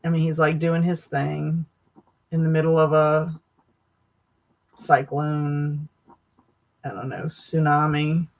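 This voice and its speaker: A woman's voice: low-pitched, flat delivery, slow pace, pauses often, darkish tone, poor audio. A woman hosting a casual livestream, reacting with amused, laughing commentary. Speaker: livestream host.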